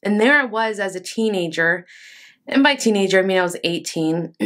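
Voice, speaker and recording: A woman's voice: medium pitch, lively intonation, moderate pace, a bit bright. Earnest woman giving a casual devotional talk. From Texas. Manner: earnest, conversational, filler-heavy. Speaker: podcast host.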